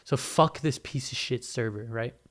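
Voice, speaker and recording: A man's voice: mid-range voice, moderate pace, fairly bright tone. A young man telling a casual storytime rant, profane and sarcastic, acting out the people in it.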